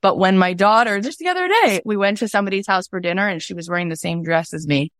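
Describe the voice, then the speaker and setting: A woman in her thirties hosting a podcast, giving a casual motivational talk in an earnest, animated way with emphatic repetition. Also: mid-range voice, quick pace. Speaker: podcast host.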